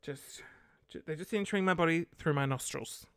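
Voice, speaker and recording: A woman's voice: low-pitched, a little fast, fairly bright tone, no room sound, studio quality. A woman hosting a casual solo podcast late at night, rambling and sarcastic, muttering curses under her breath. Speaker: podcast host.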